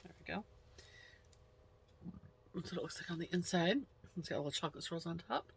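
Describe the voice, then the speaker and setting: A woman in a relaxed snack taste-test vlog, chatting unhurriedly and murmuring between bites. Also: fairly low pitch, brisk, gravelly, slight background noise. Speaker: snack review vlogger.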